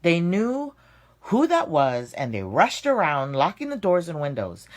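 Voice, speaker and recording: A woman reading a children's story aloud, with expressive, dramatic storytelling and slowed emphasis. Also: low voice.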